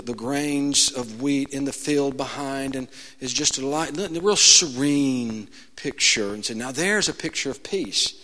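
Male pastor, high-pitched, animated sermon delivery that swings from quiet to loud, echoing church hall. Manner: animated storytelling, swinging from hushed to shouting. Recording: long reverb of a large hall.

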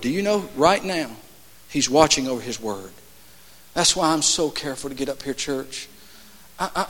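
A male pastor preaches in a high, bright, ringing voice that climbs to loud, emphatic peaks. His sermon carries a long reverb from the church hall around him. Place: church sanctuary.

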